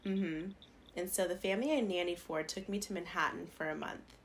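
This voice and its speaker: A woman's voice: fairly low pitch, steady tone, fairly quick, slight background noise. Chatty young woman telling stories. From Las Vegas. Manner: chatty storyteller, laughs often. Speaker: podcast co-host. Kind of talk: casual chat.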